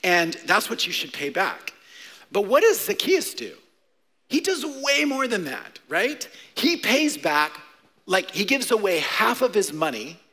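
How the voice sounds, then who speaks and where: Male pastor, bright voice, lively family sermon, echoey church. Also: high voice, a little slow. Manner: animated, conversational, frequent "right?". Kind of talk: sermon to children and adults. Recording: echoey hall.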